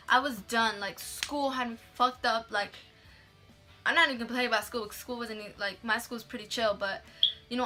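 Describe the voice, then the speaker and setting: A woman's voice: fairly high pitch, sharp tone. A young woman telling a story in a casual vlog, chatty, swearing freely and acting out the people she quotes.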